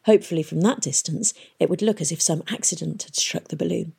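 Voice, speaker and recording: A woman narrating an audiobook in a steady storytelling manner. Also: lowish voice, quick pace, creaky, slightly rough.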